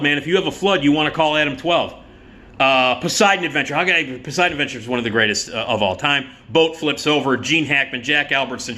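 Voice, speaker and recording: Middle-aged male film commentator, bright forward tone, sarcastic, swears freely, rambles. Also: mid-range voice. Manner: sarcastic, profane, rambling with many fillers. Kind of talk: casual ranting movie talk.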